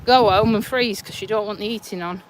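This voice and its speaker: With traffic passing nearby, a woman from England talks fairly quickly in a medium-pitched voice to her live viewers. She is a vlogger strolling a roadside footpath with a hand-held phone, casual and teasing, laughing often and somewhat out of breath.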